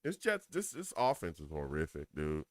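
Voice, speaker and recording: A man's voice: rumbling low, normal speed, no room sound, clean studio sound. A man with a New York accent doing casual live commentary on a football game, laughing often and reading viewer comments aloud. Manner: animated, laughs a lot, reads chat aloud. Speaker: live game reaction streamer.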